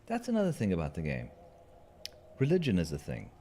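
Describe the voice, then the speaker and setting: A man's voice: low-pitched, wildly swooping pitch, fairly quick, dark tone, a little hiss or hum. A man chatting playfully through a game as a let's-play host, joking with the creatures on screen. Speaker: gaming channel host.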